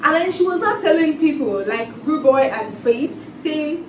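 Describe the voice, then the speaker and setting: A woman's voice: high voice, expressive, moderate pace, noisy background. A woman giving a casual, exasperated commentary and repeating phrases for emphasis. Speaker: reality TV commentator. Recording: roomy, distant, dull sound.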